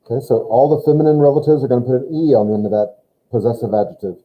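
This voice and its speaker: A man's voice: mid-range voice, racing, breathy edge. A man teaching a German lesson, patiently explaining grammar step by step and prompting a student. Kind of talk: online language lesson. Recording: tinny phone-like line.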